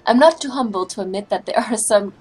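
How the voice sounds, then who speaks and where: A woman voicing a pompous gentleman inspector, reading game dialogue aloud in a grand, old-fashioned formal manner. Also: fairly high pitch, a little fast, husky, low-quality recording. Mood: grandiose.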